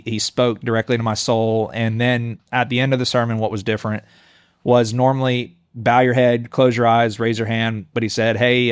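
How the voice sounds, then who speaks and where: A man's voice: mid-range voice, smooth, no echo, clean studio sound. A man in his thirties, a mayoral candidate, telling his life story candidly and earnestly in a podcast interview. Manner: earnest, candid, quick to laugh. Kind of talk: conversational storytelling. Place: on-site in a coffee shop.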